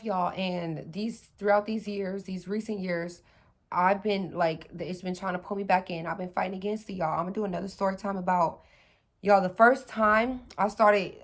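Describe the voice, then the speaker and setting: A woman in her thirties telling a personal story to her viewers in a casual, chatty way, with many fillers and restarts. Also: on the low side.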